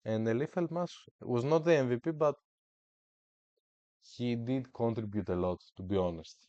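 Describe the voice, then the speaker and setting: A man's voice: mid-range voice, normal speed, dark tone, dry recording, dull audio. A man giving casual, hyped commentary while streaming a football management game, with playful, slangy trash talk. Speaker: gaming streamer.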